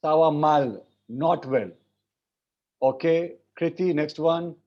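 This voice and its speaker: A fairly high-voiced Indian man leads an online French class at an unhurried pace, repeating words to correct his students. His speech comes through a muffled, lo-fi video-call line. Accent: Indian English. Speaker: French teacher.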